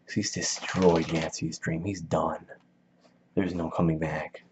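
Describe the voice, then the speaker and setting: A man's voice: rumbling low, level tone, unhurried, a little hiss or hum. A man giving a casual book summary in a slangy, rambling, jokey way, in a dull lo-fi recording. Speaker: video host.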